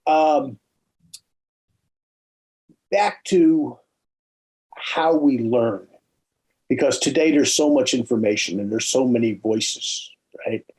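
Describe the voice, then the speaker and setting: A man hosting a podcast interview, telling stories in an animated way and often checking in with "okay?" and "right?". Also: medium pitch, slow, pauses often, low-quality recording. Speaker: podcast host. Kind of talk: casual storytelling interview.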